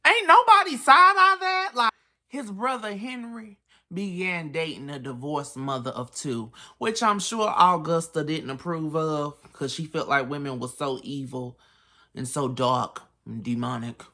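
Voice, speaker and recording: Brief: woman, bright tone, low-set voice, sassy true-crime bedtime storyteller. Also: animated, measured pace. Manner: sassy, chatty, side-eyeing asides. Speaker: storyteller host.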